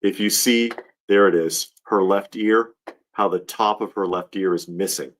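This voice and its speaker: A man's voice: low-pitched, steady tone, unhurried, slight background noise. A man hosting a casual livestream, rambling and heartfelt as he talks, often restarting his sentences. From Georgia, US. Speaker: livestream host.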